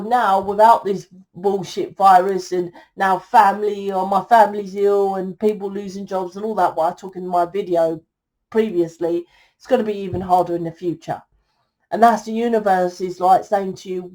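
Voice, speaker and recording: A woman's voice: mid-range voice, fairly even intonation, moderate pace, darkish tone. A woman giving a tarot reading to her viewers, blunt and exasperated, scolding them and swearing freely. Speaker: tarot reader.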